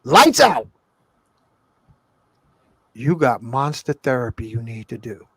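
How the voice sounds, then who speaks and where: A man in casual spiritual talk, emphatic and full of slang, his voice rising from hushed to loud. The sound is dry and close with no room around it. His pitch sits in an ordinary middle range. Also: sing-song, slow, slightly rough, no room sound.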